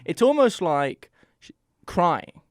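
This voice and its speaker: An Australian man with a fairly high, lively, swooping voice co-hosts a podcast in a sincere, thoughtful manner. He sometimes stumbles and restarts as he gathers his thoughts. He is recorded close on a dry studio mic. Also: no echo. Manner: earnest, reflective, halting restarts. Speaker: podcast co-host. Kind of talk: casual chat.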